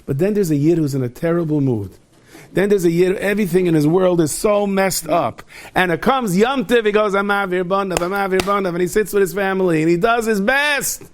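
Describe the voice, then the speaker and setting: A man gives a storytelling sermon as a rabbi, acting out the people in his tales in high pleading voices and often repeating words as he goes. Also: fairly quick, slight background noise. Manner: animated, swings into high pleading voices for quoted characters; repeats words and restarts when caught up in a story. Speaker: rabbi giving a holiday talk.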